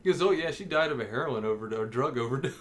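A man's voice: medium pitch, racing. A man with an ordinary, mid-range voice tells a story on a casual podcast. He talks animatedly and laughs often as he goes. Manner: animated, laughs often while telling stories. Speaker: podcast co-host.

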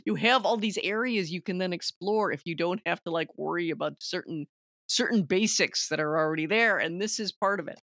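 A woman co-hosting a film podcast, talking in an animated way with lots of restarts and quoted lines. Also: lowish voice, fairly quick, no room sound, studio quality. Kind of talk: casual chat.

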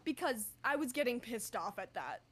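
High-pitched woman on a podcast call, super animated, swears casually. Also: moderate pace, slightly rough. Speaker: podcast co-host. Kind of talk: casual chat.

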